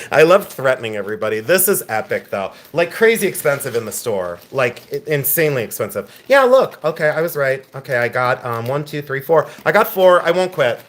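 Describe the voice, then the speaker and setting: A man's voice: mid-range voice, sing-song, a little fast. A man hosting a live-streamed jewelry auction, chatting and joking as he shows each lot. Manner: joking, chatty, self-mocking. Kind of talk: live-stream sales patter.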